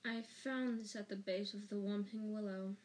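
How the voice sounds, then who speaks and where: A woman's voice: medium pitch, fairly even intonation, normal speed, darkish tone, natural voice, rough recording. A woman voicing a cold, spiteful male schoolteacher in an audiobook reading, with a sneering, clipped delivery. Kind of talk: audiobook character voice.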